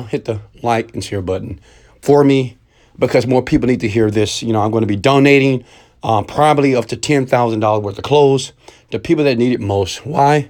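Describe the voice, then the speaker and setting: A man in his thirties delivering a preachy motivational monologue to viewers, swinging between loud urging and quiet, intimate asides. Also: medium pitch. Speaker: motivational speaker.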